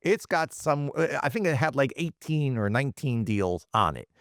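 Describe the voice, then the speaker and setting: A man's voice: mid-range voice, moderate pace, no echo, studio quality. A man in his forties, a guest on a podcast, telling a story in a casual interview and acting out the quotes. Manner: animated, acts out quotes. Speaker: podcast guest, automotive CEO.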